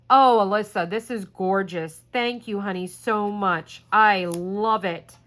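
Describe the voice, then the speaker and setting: A woman's voice: mid-range voice, fairly bright tone. A woman hosting a craft channel, chatting casually while opening gifts, gushing and grateful, close to tears. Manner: gushing, grateful, slow and tearful at times. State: tearful, trying not to cry. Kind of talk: casual unboxing chat.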